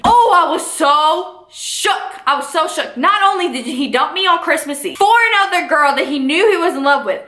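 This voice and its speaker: Young woman, sassy storytime vlogger, high voice, echoey room. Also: normal speed. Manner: sassy, animated storytelling with slang. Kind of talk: casual storytime vlog.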